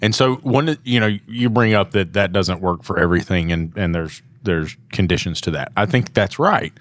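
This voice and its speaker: A man's voice: low voice, moderate pace. A man co-hosting a casual podcast, speaking earnestly and reflectively about advising repair-shop clients. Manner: earnest, reflective, agrees often. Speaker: podcast co-host and shop owner.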